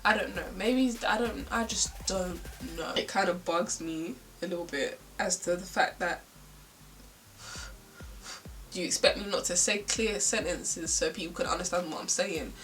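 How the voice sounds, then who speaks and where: In her get-ready-with-me video, this young South London beauty vlogger rants with a local accent, plenty of slang, and lots of "like." She speaks at normal speed with few pauses in a fairly low yet fairly bright voice. She's far from the mic, faint music plays behind her, and the recording is rough.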